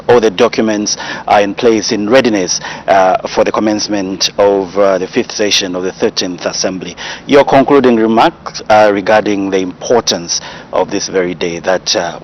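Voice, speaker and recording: A male interviewer asks long, halting questions, pausing on filler sounds. His voice sits somewhat low, and the audio is dull with a faint hiss. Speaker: radio or TV interviewer.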